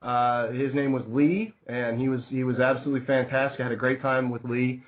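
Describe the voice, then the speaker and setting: A male radio host in loose, rambling banter, with a middle-pitched voice. He plugs sponsors and reads out the call-in number between asides. The sound is thin and tinny, like it came over a phone line. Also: steady tone, a little fast.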